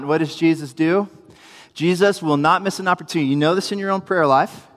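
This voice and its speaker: Young man, sermon, animated storytelling, humorous asides, reverberant church hall. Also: on the high side, brisk. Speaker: preacher, youth minister.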